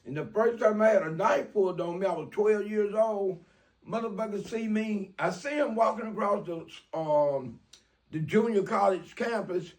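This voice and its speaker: A man's voice: high-pitched, moderate pace, a little mellow. A man, telling a street story in a profane, streetwise way and acting out the dialogue. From Mobile, Alabama. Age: 60s. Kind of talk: casual personal storytelling.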